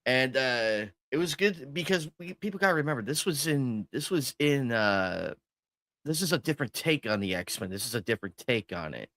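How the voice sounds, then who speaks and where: A man's voice: medium pitch, expressive, normal speed, fairly bright tone, dry recording, studio quality. A man co-hosting a watch party stream, chatting enthusiastically about cartoon episodes, laughing easily. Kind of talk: casual chat reviewing cartoon episodes.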